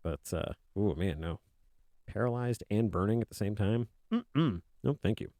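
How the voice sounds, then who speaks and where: This art streamer's lowish, dark voice is animated and moves at a normal speed as he chats on stream from an indoor desk. He rambles and jokes, speaking as a kobold in his own voice, on a studio-quality recording with no room sound.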